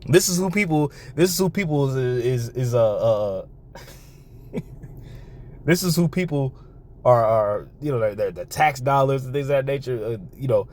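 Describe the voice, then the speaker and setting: A man talks through a video and reads out scripture, his pitch rising and falling a lot. He is animated, stumbles over repeated words and restarts his sentences, and often breaks into laughter between remarks. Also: measured pace. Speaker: online commentator. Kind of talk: reaction commentary with scripture reading.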